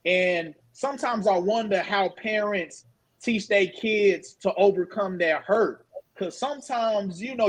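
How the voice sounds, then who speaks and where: High-voiced young man, casual rambling. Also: fairly bright tone, husky. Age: 20s. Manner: rambling, full of fillers like "you know what I'm saying". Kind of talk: casual chat.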